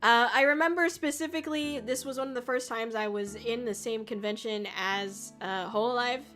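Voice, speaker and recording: A woman's voice: on the high side, moderate pace, a bit bright. A woman VTuber chatting casually on a livestream, rambling with lots of fillers and the odd swear. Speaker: VTuber streamer. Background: faint music.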